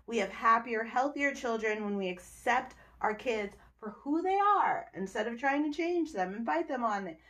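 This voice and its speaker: A young woman hosting a podcast, recapping a TV episode in casual chat, animated and exasperated, with cursing and laughter. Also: fairly high pitch, moderate pace, few pauses. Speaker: podcast host reviewing a TV episode.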